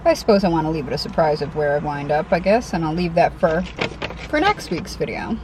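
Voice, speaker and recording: A woman's voice: deep voice, very animated, a little fast, background noise. A young woman with a Connecticut accent, chatting casually and self-deprecatingly as she eats in a parked car for her eating vlog. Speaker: mukbang vlogger.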